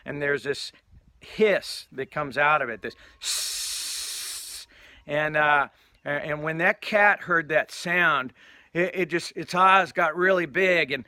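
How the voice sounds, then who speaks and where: A man's voice: a little high, unhurried, bright, forceful tone, no echo. A man telling a casual anecdote, rambling with lots of fillers and restarts. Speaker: storyteller.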